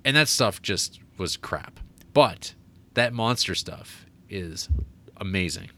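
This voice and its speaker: A man's voice: lowish voice, expressive, slow, sharp tone. A man co-hosting a podcast, talking about a movie in a rambling, hedging way with some swearing. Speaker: podcast co-host. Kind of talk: casual film review chat.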